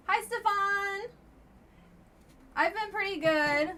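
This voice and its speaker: A woman's voice: fairly high pitch, pushed and bright, slight background noise. A woman streamer casually commenting on a dating game she plays live, with a blunt, wry and chatty manner.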